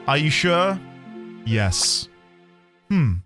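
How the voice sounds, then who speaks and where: A man's voice: a little high, very animated, measured pace, pauses often, fairly bright tone, soft background music. A man streaming a video game, chatting casually and joking as he plays. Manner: playful, joking, bursts of laughter. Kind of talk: casual let's-play commentary.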